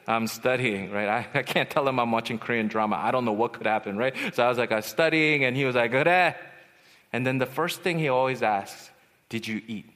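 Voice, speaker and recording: A man giving a personal testimony as a retreat speaker, storytelling and swinging from hushed to loud. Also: medium pitch, fast, hardly any pauses. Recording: long hall reverb.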